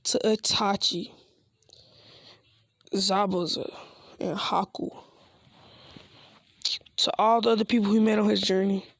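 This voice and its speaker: A woman tells a homemade fan story in a loose, rambling, slang-filled way. Her voice is husky with a gravelly edge, and the recording is dry and close. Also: medium pitch, steady tone, a little slow, long pauses, no room sound. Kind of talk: casual spoken fan story.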